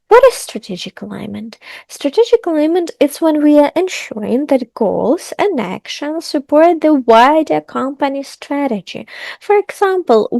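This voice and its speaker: A woman's voice: high-pitched, vocal fry, dark tone, no echo. A woman, teaching an upbeat online English lesson and stressing key words.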